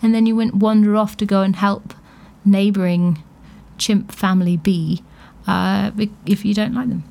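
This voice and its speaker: A woman's voice: mid-range voice, steady tone, normal speed, creaky, darkish tone. A British woman hosting a radio show, chatting casually about science news with amused asides and lots of fillers. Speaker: radio host.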